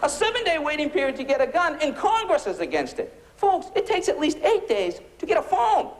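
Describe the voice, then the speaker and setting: A male comedian from the United States works a comedy club stage with a sharp, sarcastic routine of punchy rhetorical questions, and the audience laughs along. His voice is very high-pitched with big swings, his pace brisk, and the background noisy.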